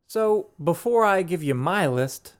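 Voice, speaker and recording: Male podcast host, slightly high voice, casual joker, rambles through tastings. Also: measured pace. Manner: jokey, relaxed, rambling with fillers. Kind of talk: casual chat, beer tasting.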